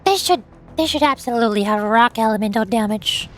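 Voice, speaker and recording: A woman's voice: on the high side, brisk, soft background music. A young woman streaming a game from home, chatting casually and bubbly, with lots of jokes and squeals.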